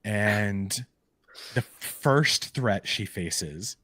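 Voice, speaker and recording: A man co-hosting a podcast, casually retelling comic book stories in an animated way with lots of "like" and "um". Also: on the low side, very slow, a little hiss or hum. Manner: animated storytelling full of "like" and "um" fillers. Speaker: podcast co-host. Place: live podcast recording.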